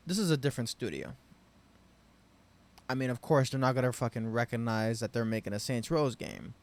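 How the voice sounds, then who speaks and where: Male vlogger, mid-pitched, ranting off the cuff about a game, profane and exasperated. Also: fairly quick, long pauses. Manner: profane, rambling, frustrated ranting with loud bursts. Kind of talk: unscripted game review rant.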